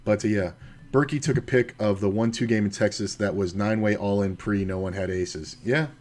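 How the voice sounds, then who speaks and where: A man with a fairly low voice streams himself playing online poker, recorded on a desk mic. He talks to himself casually about his hands, curses freely and wanders into stories between decisions. A faint hiss sits under his voice. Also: fairly even intonation, brisk, a little mellow. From United States.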